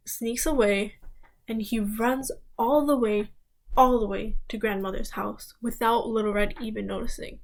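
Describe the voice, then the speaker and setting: Young woman storyteller, slow, creaky, pitched a bit high, talks right to you. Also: rough recording. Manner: addresses listeners, dramatic pauses. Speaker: student storyteller. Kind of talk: oral fairy-tale storytelling.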